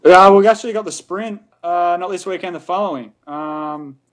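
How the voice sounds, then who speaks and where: A young Australian man chatting casually as a podcast guest, easygoing and quick to laugh. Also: sits high, fairly bright tone. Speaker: guest racer.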